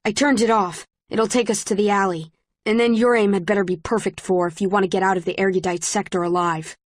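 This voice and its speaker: A woman's voice: mid-range voice, fairly even intonation, brisk, dry recording, clean studio sound, close to an everyday voice. A woman reading the lines of a blunt, impatient young man in an audiobook, with a curt and mocking delivery. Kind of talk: audiobook character voice.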